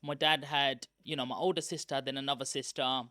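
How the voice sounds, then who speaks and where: A man, a guest telling candid stories from his school days in a lively, chatty way. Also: mid-range voice, brisk, dry recording, clean studio sound. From East London, England. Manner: lively, chatty, self-aware. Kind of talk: candid personal storytelling.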